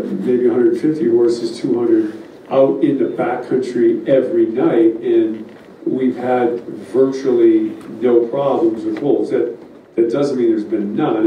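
A man gives a plainspoken public talk and takes questions, pausing often with fillers. His voice is dark and mellow. He is picked up from a distance, so the sound is roomy and carries faint background noise. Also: medium pitch. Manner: plainspoken, loose and halting with fillers. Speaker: wolf biologist speaking at a public meeting. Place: meeting room. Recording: echoey hall from far off, faint noise.

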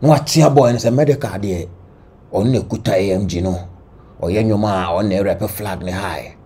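Husky-voiced Ghanaian gossip commentator man. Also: fairly low pitch, fairly quick. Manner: animated storytelling, mixing Twi and English. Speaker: entertainment news commentator.

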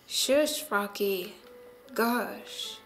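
A woman giving casual gameplay commentary as host of her own channel. She is excitable and chatty and drops to mutters while she plays. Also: mid-range voice, drawn-out words, soft background music.

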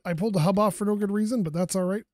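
A man's voice: high voice, steady tone, very fast, a little mellow, no room sound, studio quality. A man giving casual commentary over a game, muttering to himself and talking to the parts he works on, with exasperated outbursts and self-soothing. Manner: talks to the game objects. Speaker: gaming YouTuber.

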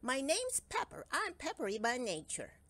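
A woman's voice: sits high, wildly swooping pitch, moderate pace, a bit bright, dry recording, voice pushed up, exaggerated voice. A woman voicing a peppery little elf. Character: peppery, eager male forest elf.

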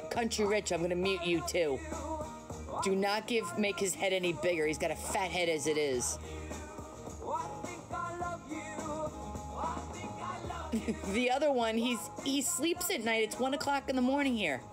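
A woman's voice: medium pitch, moderate pace, over music. A woman hosting a casual phone livestream from home at night, chatty and teasing as she answers viewers' comments. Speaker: livestream host. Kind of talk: casual live chat with viewers.

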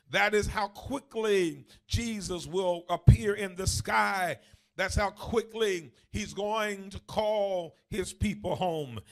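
Gravelly, high-pitched preaching man. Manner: rising into shouted, sung cadences with repeated phrases. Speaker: bishop preaching. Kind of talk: sermon.

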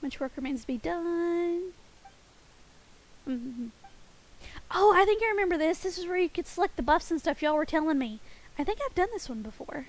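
A woman's voice: very high-pitched, lively intonation, a little fast, poor audio. A woman streaming a game and chatting playfully with her viewers, giggling often. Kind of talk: casual game stream chat with chat.

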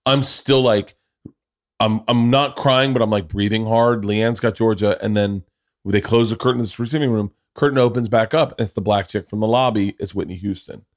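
A man who is a comedian and podcast co-host, telling a story in a casual chat with an animated, profane, jokey delivery. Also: on the low side, moderate pace.

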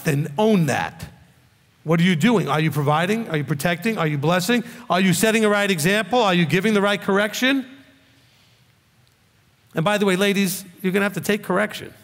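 A male rabbi gives a blunt, scolding sermon and keeps firing off rhetorical questions. His voice sits high. Each phrase rings out with a long hall reverb. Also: normal speed, fairly bright tone.

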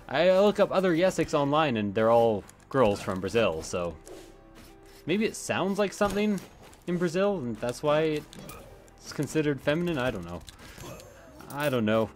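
A man giving casual, rambling commentary while playing a video game, swearing often and drifting into asides. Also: medium pitch. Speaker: let's play gamer.

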